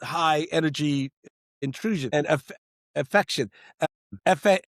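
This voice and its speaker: A middle-aged man, a screenwriter and director, talking in an interview in an animated, rambling way with many restarts. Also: on the high side, measured pace, no room sound, clean studio sound. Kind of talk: interview conversation.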